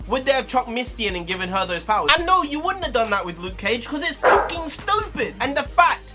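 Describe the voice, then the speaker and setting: A man, ranting heatedly in a review vlog, swearing, his pitch swinging up and down. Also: sing-song, a little fast, sharp tone, soft background music. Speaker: video reviewer.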